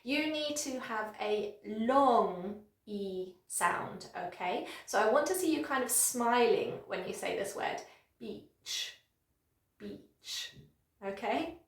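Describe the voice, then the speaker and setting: A woman English teacher speaks to camera in a slightly high voice, carefully exaggerating each word as she models it for learners. She keeps an encouraging, upbeat teaching manner throughout. The sound carries a noticeable echo from the room around her. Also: animated. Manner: slow, exaggerated modelling of words with encouraging praise. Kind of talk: pronunciation lesson to camera.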